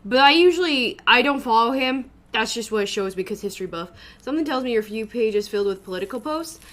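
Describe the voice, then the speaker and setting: A woman's voice: fairly high pitch, animated, fast talker, fairly bright tone. A woman streamer chatting casually to her live audience, loose and sweary, often laughing.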